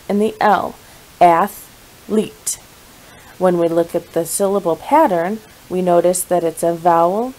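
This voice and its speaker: A woman teaching a spelling lesson, clear, steady and instructive. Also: lowish voice, rough recording.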